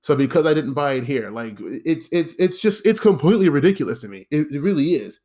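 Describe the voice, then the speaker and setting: A man's voice: a little high, sing-song, fairly quick, dark tone. Exasperated man ranting. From United States. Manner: exasperated, profane, rambling. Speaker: podcast host. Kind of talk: ranting solo podcast monologue.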